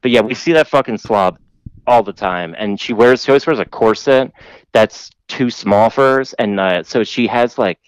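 A man's voice: normal speed, clear, resonant tone, no echo, rough recording. Profane rambling man telling a story. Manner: rambling, profane, mimics others in high voice. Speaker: podcast co-host telling a story. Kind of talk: casual storytelling chat.

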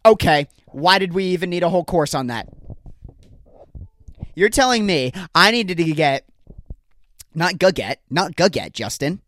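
A young man hosts his own comedy podcast, talking alone into a studio microphone. He rambles from story to story with an exasperated, self-deprecating edge, and his voice sits a little high. The recording is dry and close, with no room sound. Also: lively intonation, measured pace, pauses often, fairly bright tone, no room sound. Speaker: podcast host. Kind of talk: solo comedic podcast rant.

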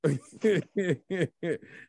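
A man's voice: a little high, very slow, dry recording, studio quality. Laughing, profane young man telling stories. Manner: animated storytelling, laughs often, profane. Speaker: podcast co-host. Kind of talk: casual chat.

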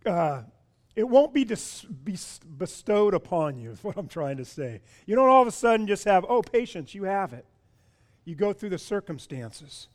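A man with a high-pitched voice delivers a sermon as pastor. He is animated and keeps turning questions on his listeners, often repeating words as he goes.

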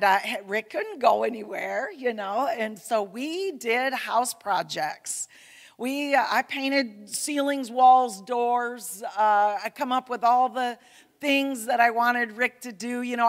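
Woman, folksy and chatty, long reverb of a big church hall. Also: medium pitch. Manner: chatty, self-deprecating, folksy with many fillers. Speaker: pastor's wife speaking at church. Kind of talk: casual church talk. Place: church sanctuary.

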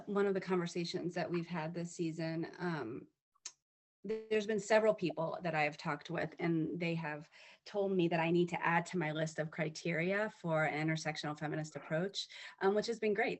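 A woman's voice: on the low side, moderate pace. A woman hosting an interview, asking thoughtful, hesitant questions with many fillers.

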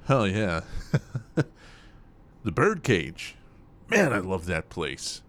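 Narrator voicing a reckless laughing hitman, slow-talking, swoopy and low. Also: huge pitch swings, heavily acted. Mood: amused. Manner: loud, laughing, gleeful shouting. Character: fearless, wild male hitman, reckless.

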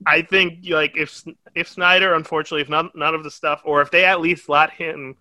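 Reviewing a movie on his podcast, a young man rambles in a casual, profane way and laughs often. His voice is fairly high with little pitch movement, fairly quick, bright, and forceful, and there's no room sound.

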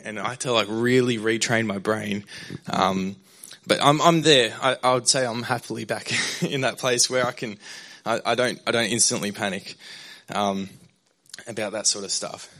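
A man's voice: fairly low pitch, moderate pace, pushed and bright. A young man, a pastor, sharing a candid personal testimony in a sermon, rambling with fillers and restarts.

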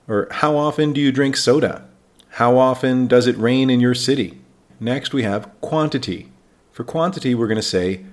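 American man teaching English slowly. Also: medium pitch. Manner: slow, clear, with example sentences for learners. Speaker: English teacher, podcast host. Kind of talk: scripted teaching podcast.

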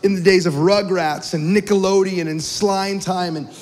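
Male pastor, thirties, high pitch, earnest storytelling sermon, heavy reverb. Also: steady tone, moderate pace, darkish tone. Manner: earnest storytelling, frequent repeated words.

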